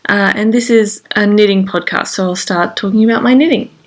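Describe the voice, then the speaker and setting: A woman's voice: mid-range voice, a little fast. Casual knitting podcast host, a woman with a congested cold voice. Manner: chatty, showing her knitting to camera. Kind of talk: casual chat.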